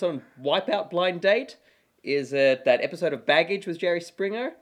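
A man's voice: high-pitched, animated, moderate pace. A man from Australia with a partly Americanized Australian accent, chatting wryly as a podcast guest. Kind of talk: casual chat.

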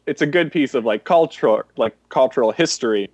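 A man's voice: medium pitch, fairly quick, husky, lo-fi sound. A man co-hosting a podcast, chatting casually about a movie, with a sarcastic edge and lots of "like" fillers. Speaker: podcast co-host. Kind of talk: casual movie review chat.

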